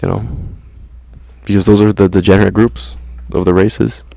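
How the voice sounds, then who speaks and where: Gravelly low-voiced guy ranting, bro-speak. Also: flat delivery, normal speed, warm tone, no echo. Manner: slangy, profane, says "bro" constantly. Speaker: vlogger. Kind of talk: casual rant to camera.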